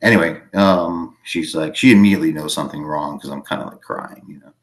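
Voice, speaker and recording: A man with a Boston accent telling a long personal story in casual chat, halting and full of fillers. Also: rumbling low. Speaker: podcast guest.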